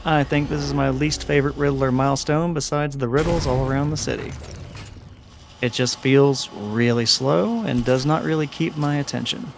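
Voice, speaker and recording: A man's voice: mid-range voice, creaky, a little hiss or hum. A man giving casual, chatty commentary over his gameplay, rambling and self-deprecating. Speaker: gaming channel host.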